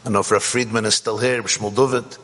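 A man teaching a Torah class, animated and rising to shouts to stress a point. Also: fairly low pitch, fast, big-room sound. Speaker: rabbi.

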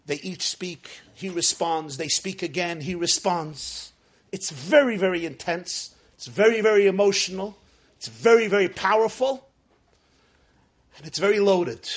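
Torah teacher, male, very high voice, emphatic, wry lecture delivery. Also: slightly rough. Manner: emphatic, repeats words for stress. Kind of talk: scripture lecture.

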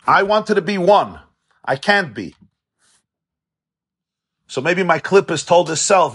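A man speaking in an earnest, halting, introspective personal monologue. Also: sits high, expressive, a bit bright, slightly rough.

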